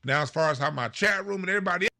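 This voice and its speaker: A man's voice: high-pitched, rapid-fire, creaky. A man hosting a podcast, commenting on clips he plays and repeating points for emphasis. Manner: animated, breaks down clips, repeats himself for emphasis. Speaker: podcast host reacting to clips. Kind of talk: commentary over played clips.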